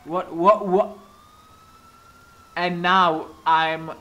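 A man with a non-native English accent giving casual gameplay commentary, excitable and quick to exclaim and swear. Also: high-pitched. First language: not English. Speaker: gaming YouTuber.

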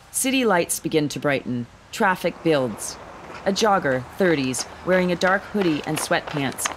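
A woman narrating a screenplay, reading the scene directions in a calm, even way. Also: lowish voice.

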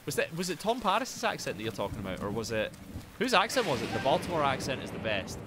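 Lively Glaswegian man streaming. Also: medium pitch, quick pace, loud music behind the voice. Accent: Glaswegian Scottish. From Scotland. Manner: boisterous, swears freely, riffs in silly voices. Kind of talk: casual chat with viewers while gaming.

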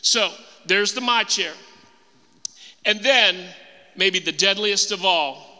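A man's voice: sits high, slow pace, bright, forceful tone. A male pastor preaching a sermon in a church auditorium, emphatic and repeating phrases for stress. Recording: long hall reverb, faint music.

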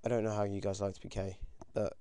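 Brit teen lad commentating his game, swears loads, gets yelpy, smooth voice, dry close mic. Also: lowish voice, fast, dry recording. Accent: British. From United Kingdom. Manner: excitable, swears a lot, yelps when things go wrong. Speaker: gaming commentator.

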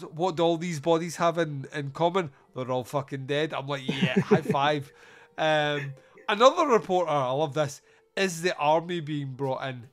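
A man hosting a casual comedic podcast, retelling film scenes with sarcastic, sweary asides. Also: a little high. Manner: sarcastic, sweary, animated storytelling. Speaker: podcast host reviewing a film.

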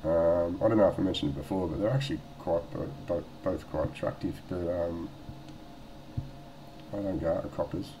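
A man's voice: low-pitched, noisy background. An Australian man telling a story casually in a vlog at home, rambling and swearing, with lots of fillers and restarts. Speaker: vlogger.

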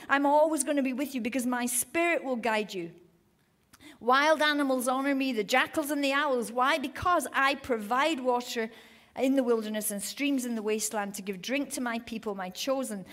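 A woman preaching a sermon at a women's event, telling Bible stories with lively, acted-out quotes. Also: a little high. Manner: animated storytelling, acting out quoted voices. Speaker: women's ministry speaker. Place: event hall.

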